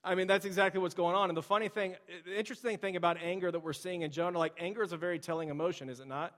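Male pastor, 30s, conversational sermon delivery, slightly high voice, large reverberant church. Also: steady tone, racing, a bit bright. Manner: conversational, storytelling, addresses the congregation directly. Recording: long reverb of a large hall.

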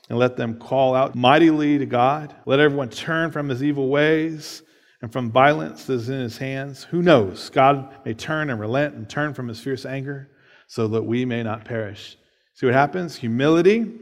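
A man's voice: medium pitch, normal speed, in a large hall. A man preaching a sermon, reading scripture aloud and explaining it in a casual way, often checking in with "right?". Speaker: pastor.

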